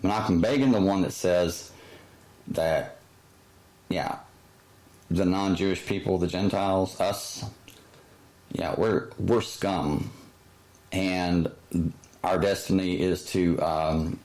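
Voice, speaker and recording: Deep, slow-talking man in heated commentary. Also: steady tone, a little mellow, low-quality recording. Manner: heated, sarcastic, halting with many fillers. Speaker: channel host. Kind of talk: opinion commentary monologue.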